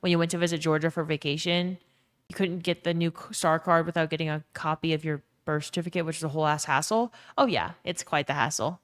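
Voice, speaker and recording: A woman's voice: low-pitched, steady tone, fast talker. Chatty Southern-accented woman streamer. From Louisiana. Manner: chatty, swears freely, reads chat aloud. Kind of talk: casual live-stream chat.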